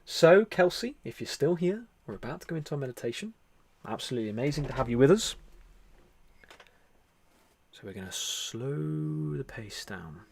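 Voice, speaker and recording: A man's voice: mid-range voice, very animated, moderate pace, gravelly, pauses often, breathy edge. Earnest man hosting a meditation livestream. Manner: earnest, repetitive, soft-spoken. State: whispering softly. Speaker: livestream host. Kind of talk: spiritual livestream talk and guided meditation. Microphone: close microphone.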